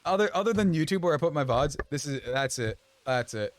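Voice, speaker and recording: A young man streaming a game and chatting casually, rambling with many restarts and quick laughs. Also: fairly high pitch, animated. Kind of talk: casual chat while gaming.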